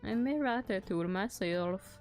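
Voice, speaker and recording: A woman streamer giving casual gameplay commentary, excitable, laughing often and swearing freely. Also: mid-range voice, unhurried. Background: faint background music.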